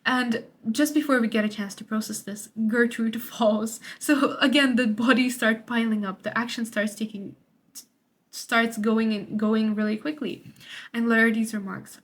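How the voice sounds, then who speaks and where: A woman's voice: on the high side, moderate pace. A woman tutor explaining a literature study guide in a casual way, sometimes acting out short quotes. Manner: casual paraphrase with acted quotes.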